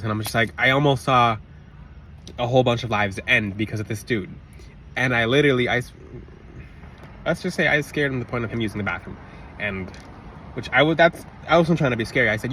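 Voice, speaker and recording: A man telling a personal story in a casual, rambling monologue, interrupting himself and bursting into loud re-enacted shouts. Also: mid-range voice. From Florida. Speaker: religious vlogger. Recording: slightly distant mic, faint outdoor traffic noise.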